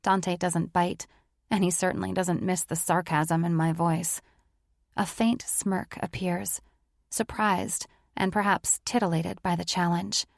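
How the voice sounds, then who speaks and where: A woman's voice: fairly low pitch, steady tone, a little slow, gravelly, dry recording, clean studio sound. A woman narrating a romance audiobook in the first person, with an intimate, emotive reading.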